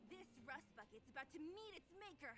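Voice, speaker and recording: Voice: high voice, sing-song, a little fast. A woman voicing a gleeful young female brawler cheering in a video game battle.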